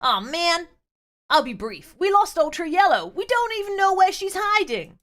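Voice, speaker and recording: A woman voicing a drunk, rowdy man in a pink superhero suit, talking loud and pleading. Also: medium pitch, very fast, close to an everyday voice.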